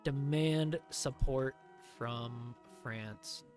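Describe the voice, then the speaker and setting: A man streaming a strategy game live, giving sarcastic commentary that swings from low mutters to loud shouts. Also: very slow, faint music behind.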